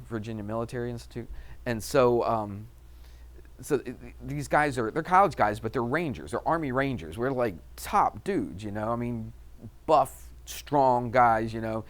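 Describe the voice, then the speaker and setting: A man's voice: mid-range voice, lively intonation, measured pace. A man teaching a math class, asking the students questions and telling a personal story in a chatty way. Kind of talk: classroom lecture with anecdote.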